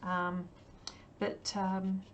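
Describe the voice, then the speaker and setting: A woman's voice: mid-range voice, completely flat delivery, drawn-out words, dull audio. An Australian woman chatting casually on a livestream as she paints, answering viewers with many ums and frequent laughs. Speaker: livestream artist.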